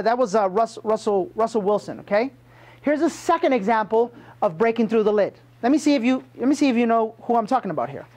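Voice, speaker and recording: A man coaching a room of salespeople, emphatic and punchy, firing questions at his audience. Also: extremely high pitch. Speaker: sales trainer. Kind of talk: motivational sales training talk.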